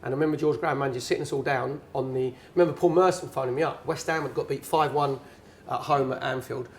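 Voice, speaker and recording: A man's voice: medium pitch, fast, a little hiss or hum. A middle-aged man, a guest speaker at an event, telling a long anecdote and acting out what people said. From England. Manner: chatty, animated storyteller acting out quotes. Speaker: guest speaker, former footballer and pundit. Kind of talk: anecdotal storytelling on stage. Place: bar at a networking event.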